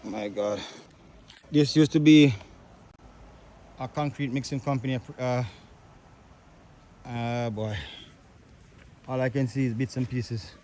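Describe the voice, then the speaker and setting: A man speaks slowly in a mellow, dark-toned voice, exclaiming in grief and repeating his words as he films storm damage outdoors. He is recorded on a phone camera, with faint noise in the background. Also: mid-range voice, fairly even intonation. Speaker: truck owner filming storm damage. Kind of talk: handheld walkthrough narration. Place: outdoors at a storm-wrecked truck yard.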